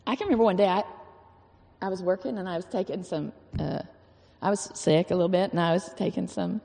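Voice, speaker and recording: A woman's voice: on the low side, a little fast, gravelly, dark tone, big-room sound. A woman giving an informal, earnest sermon in a folksy way, repeating phrases for emphasis. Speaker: church speaker.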